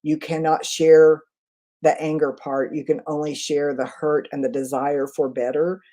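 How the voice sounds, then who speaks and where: A woman communication trainer in a live webinar, answering chat questions in a quick, conversational way. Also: deep voice, flat delivery, mellow. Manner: quick, conversational, self-aware.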